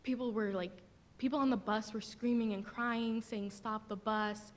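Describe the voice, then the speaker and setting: A young woman from the audience telling a personal story, halting and tearful, with many fillers. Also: fairly high pitch, fairly even intonation. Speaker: audience member. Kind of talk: emotional personal testimony. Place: large theater.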